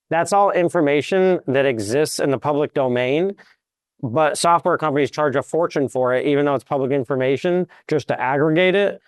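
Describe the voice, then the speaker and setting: A man who works as a commercial real estate broker, a guest in an interview, telling lively anecdotes. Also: a little high, normal speed, clean tone, dry recording. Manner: lively anecdotes, acts out quotes. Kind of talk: animated storytelling in an interview.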